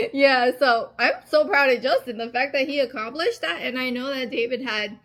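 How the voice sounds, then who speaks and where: With vocal fry in her somewhat bright, higher-pitched voice, a woman in her thirties talks casually on her vlog. She's effusive and emotional, laughs often, and uses plenty of filler words.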